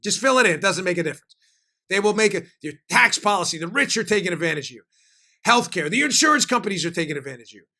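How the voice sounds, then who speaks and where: A man's voice: sits high, sing-song, sharp tone. A man hosting a political talk show, speaking emphatically in punchy bursts. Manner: emphatic, fast-shifting, punchy delivery. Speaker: host.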